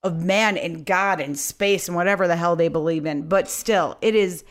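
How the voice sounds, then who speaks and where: A woman's voice: fairly low pitch, normal speed. A woman co-hosting a podcast, chatting casually in a chatty, frank and exasperated way. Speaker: podcast co-host. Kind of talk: casual chat.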